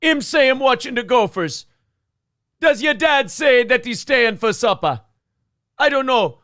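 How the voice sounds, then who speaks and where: A man's voice: extremely high pitch, lively intonation, measured pace, fairly bright tone, dry recording, clean studio sound, voice pushed up, heavily acted. A man putting on a goofy mock-Jamaican Minnesotan character, a boastful, mock-tough bartender pal, in exaggerated patois. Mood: clowning.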